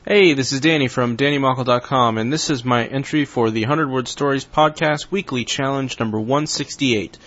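A man reading his own short story aloud in steady narration. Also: medium pitch, dull audio. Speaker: story contributor.

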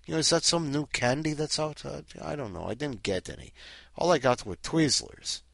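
Playing Count Dracula as the show's host, this man is very animated, rambling and punning with lots of fillers. His voice is on the high side and fairly bright, with vocal fry at a moderate pace; the studio-quality recording has no room sound.

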